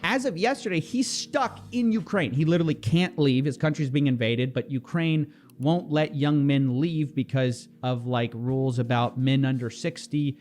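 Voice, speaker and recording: A man's voice: mid-range voice, normal speed, darkish tone. A man presenting an online commentary video in a dry, mocking tone with ironic asides. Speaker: YouTube commentator.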